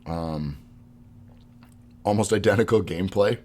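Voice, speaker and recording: A man's voice: sits low, unhurried, a little mellow. A man co-hosting a podcast in casual chat, rambling and laughing often. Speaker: podcast co-host.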